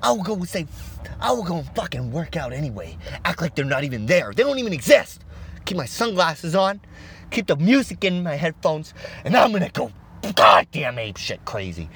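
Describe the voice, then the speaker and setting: A man with a husky, slightly breathy voice pours out a furious, profane motivational rant. His pitch sits a little high for a man and swings widely as he surges into shouted bursts. He talks in relentless, swearing, pumped-up waves. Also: big pitch swings, moderate pace. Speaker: motivational speaker.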